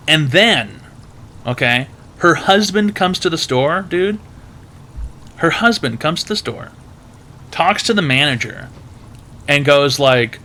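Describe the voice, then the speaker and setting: A man's voice: on the high side, lively intonation, unhurried, pauses often, bright, forceful tone. A man hosting an advice stream who tells rambling, profane stories packed with "like" and other filler words. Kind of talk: casual storytelling.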